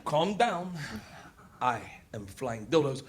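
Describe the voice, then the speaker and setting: A man's voice: medium pitch, very animated, slow, pitched below the performer's own voice. A man voicing a tall, stern German dominatrix woman, commanding and stiff, with a German accent. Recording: heavy noise in recording.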